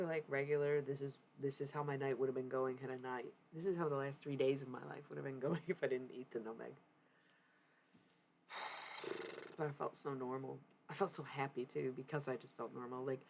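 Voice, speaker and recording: A woman's voice: rumbling low, darkish tone, a little hiss or hum. A woman livestreamer in casual chat with her viewers, candid and rambling, swearing freely.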